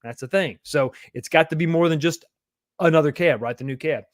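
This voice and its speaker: A man's voice: on the high side, brisk, no echo, clean studio sound. A man hosting a live stream, reading viewer comments aloud and replying in a chatty, reassuring way, calling people buddy. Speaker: livestream host reading chat. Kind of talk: casual live chat.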